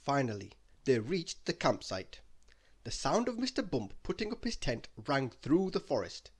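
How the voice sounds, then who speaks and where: A man reading a children's bedtime story aloud in an expressive storytelling manner. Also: mid-range voice, normal speed, husky. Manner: expressive, sing-song storytelling.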